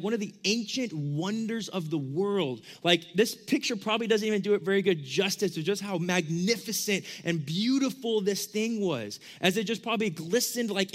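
A young man giving a casual sermon as a youth pastor, conversational and full of "like", acting out the questions he quotes. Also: high-pitched. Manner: conversational, lots of 'like', acts out quoted questions.

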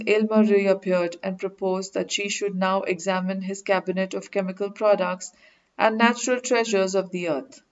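A woman reading a classic short story aloud in a measured, steady storytelling manner. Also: lowish voice. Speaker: audiobook reader. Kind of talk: scripted literary narration. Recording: roomy echo.

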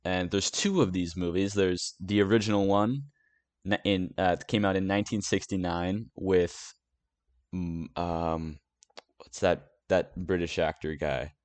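A young man with a very low voice chats casually about his favorite movies, stumbling through fillers and restarts as he goes. The sound is dry and close, with no room around it. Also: fairly even intonation, a little slow, a little mellow, no echo. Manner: rambling and hesitant, with many fillers and restarts. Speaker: host of a movie review video series. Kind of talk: casual movie review chat.

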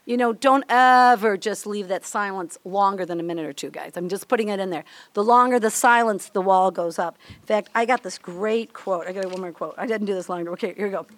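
A woman's voice: mid-range voice, brisk, few pauses, no room sound. An older woman from Minnesota, giving a chatty, candid devotional talk to a women's group, laughing often and acting out little everyday scenes. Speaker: women's ministry speaker.

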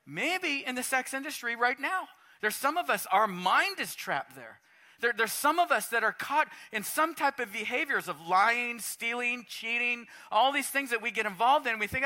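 A middle-aged man preaching a sermon in a church, animated and swinging between quiet talk and shouts. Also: very high-pitched. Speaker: pastor. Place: church sanctuary.

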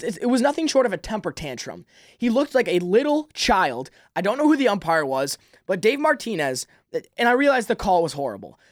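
A man's voice: sits high, dry recording. Sports podcast host, male, heated rant, dry close sound. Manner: heated, exasperated, many restarts.

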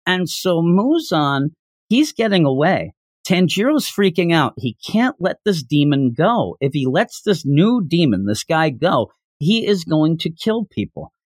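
An animated male podcast host retells a chapter with enthusiasm. His fairly high voice rises and falls a lot. The sound is close and dry, with no room echo. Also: unhurried. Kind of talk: casual chapter recap.

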